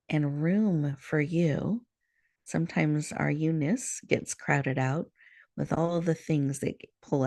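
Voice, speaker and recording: A woman guides a breathing meditation, speaking softly and unhurriedly with a gravelly edge. Her voice is dry and close, with no room sound around it. She talks as the host of the show. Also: deep voice, dry recording. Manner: soft, slow, soothing guidance. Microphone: video call.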